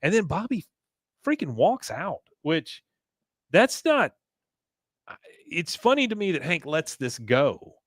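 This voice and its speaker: A man's voice: a little high, very animated, slow, long pauses, fairly bright tone, dry recording, clean studio sound. A man hosting a podcast, wryly recapping a cartoon episode with casual swearing. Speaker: podcast host.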